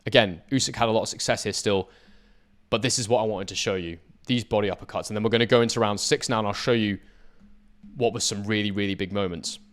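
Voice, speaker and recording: A man's voice: on the low side, steady tone, fast, a bit bright. A man analysing boxing footage, speaking emphatically and addressing his viewers directly. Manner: emphatic, talks straight to viewers. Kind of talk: talking over fight footage.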